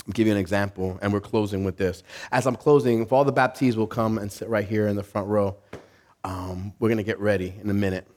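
A man's voice: fairly low pitch, a little fast. A man preaching a sermon in a church service. He tells stories with energy and often restarts his sentences. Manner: animated storytelling with frequent restarts. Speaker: pastor.

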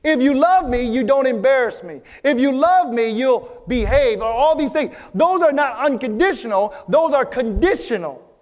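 Male pastor, very high voice, earnest sermon delivery in a reverberant hall. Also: animated, a little mellow. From Vietnam. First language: Vietnamese. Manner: earnest, repeats phrases, slows for emphasis.

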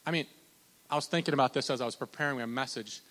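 A man, likely in his thirties, preaching a conversational sermon with lots of restarts and fillers, loud on his points and slow on scripture. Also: mid-range voice, big-room sound. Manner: animated, pushes loud on emphasis, drawn-out slow scripture quotes. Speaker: pastor.

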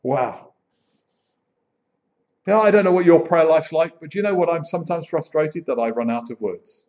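Pastor preaching, dull lo-fi sound. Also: male voice, a little high. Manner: expressive, slows to dwell on phrases, animated storytelling. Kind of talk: sermon.

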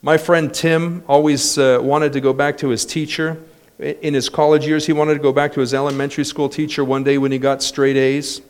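A man's voice: a little high, fairly quick. A middle-aged man preaching a sermon, telling stories with joking asides. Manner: lively storytelling with joking asides. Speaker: pastor.

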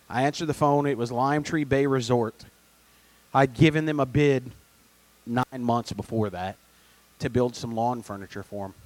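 A man preaching a sermon, moving between soft conversational asides and loud emphatic peaks. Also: mid-range voice. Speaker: pastor.

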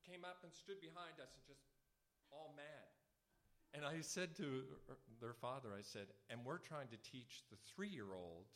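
A man preaching a sermon in a conversational way, telling everyday stories between scripture readings. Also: fairly high pitch. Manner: conversational storytelling, animated asides.

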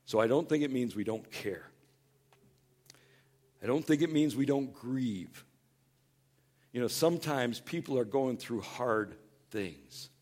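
A male pastor delivering a sermon in an earnest, conversational way, with a voice of middling pitch for a man. He talks with his listeners rather than at them, leaning into quoted lines with a livelier tone and easing down to a quieter delivery when he turns tender. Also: measured pace, long pauses. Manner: animated, acts out quoted voices in a higher, louder tone; earnest and conversational, drops soft for tender points.

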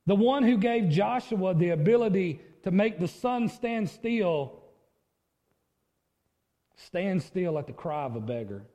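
Slow high-voiced male preacher. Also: lively intonation, warm tone, long reverb tail. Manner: emphatic preaching with sudden high-pitched acted outcries. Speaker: pastor. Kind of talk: sermon.

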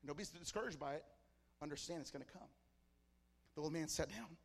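Male pastor, passionate sermon delivery, high-pitched. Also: fairly quick, slightly rough, long reverb tail. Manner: passionate, builds to shouting.

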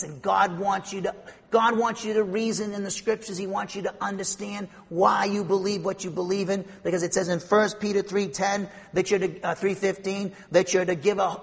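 A man's voice: sits high, normal speed, gravelly, fairly bright tone, breathy edge. A man teaching a Bible passage verse by verse, explaining and emphatic, often restarting his sentences. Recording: long hall reverb.

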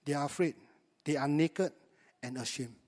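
A man's voice: on the high side, normal speed, a little mellow, in a large hall. A man, preaching a sermon to his congregation in a conversational way and often asking them rhetorical questions. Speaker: pastor.

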